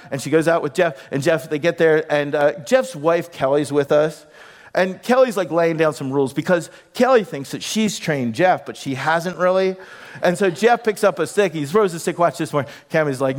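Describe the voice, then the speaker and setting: A middle-aged male pastor telling a comic story in a lively sermon. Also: on the high side, fairly quick.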